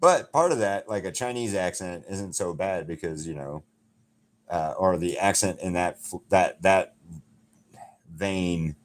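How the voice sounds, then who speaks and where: A man's voice: deep voice, unhurried. A middle-aged man from Alabama, chatting casually with his livestream viewers as a painter, rambling and swearing freely. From Alabama, USA. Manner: rambling, swears freely, talks straight to chat.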